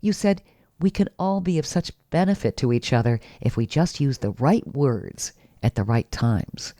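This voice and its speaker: Deep mellow lady host reading a guest intro, calm and measured. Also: no room sound. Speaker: podcast host.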